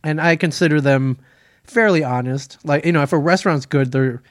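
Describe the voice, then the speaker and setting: A man co-hosting a casual chat, telling a story with halting restarts and reading aloud. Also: on the high side, dry recording, clean studio sound. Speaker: podcast co-host.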